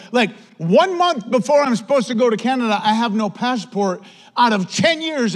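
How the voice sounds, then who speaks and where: A man with a Western New York accent preaches in a storytelling sermon. His voice sits high for a man. He talks in a casual, animated way and keeps dropping "man" into his sentences as he tells the story. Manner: animated, conversational, says "man" often. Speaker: pastor.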